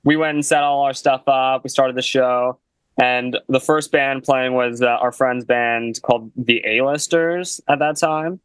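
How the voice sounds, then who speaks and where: Smooth-voiced young man telling a story. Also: mid-range voice, steady tone, a little slow, no echo, rough recording. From Canada. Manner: laid-back, heavy use of "like" and "you know". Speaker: guest musician. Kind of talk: casual storytelling.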